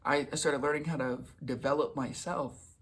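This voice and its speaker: Husky-voiced young guy, pitched a bit high, rambling about his life, lots of cussing and slang. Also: steady tone, moderate pace, a bit bright. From United States. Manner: casual and profane, with slang and restarts. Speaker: vlogger. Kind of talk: candid personal storytelling.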